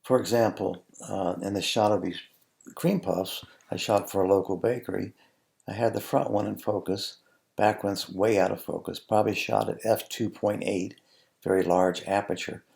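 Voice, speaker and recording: A man, a food photographer, talking through his photos in a relaxed, halting way with many ums and restarts. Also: on the low side, vocal fry. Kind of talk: casual tutorial narration over photos.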